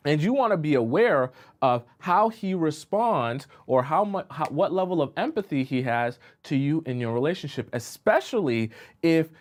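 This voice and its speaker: A man's voice: fairly high pitch, lively intonation, normal speed. A man speaking as a relationship coach, in the easy flow of an advice live stream. He works through his point with examples and keeps stopping to ask whether listeners are following him. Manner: keeps checking in with listeners, asking if they follow.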